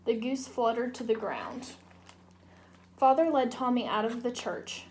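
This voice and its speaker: A young woman, a student, narrating a children's storybook read-aloud in a gentle, clear way. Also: on the high side, very animated, measured pace, slight background noise. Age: young adult. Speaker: student reader.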